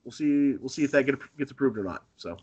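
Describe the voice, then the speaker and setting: A man from Northern Maine, a pro wrestler guest in a casual interview, telling animated stories and chuckling often. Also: medium pitch, quick pace, dull audio, a little hiss or hum.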